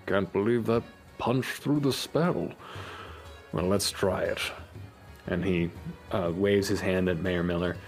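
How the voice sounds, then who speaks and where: A man narrating a tabletop game as game master, thinking aloud in an unhurried way. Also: sits low. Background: faint music.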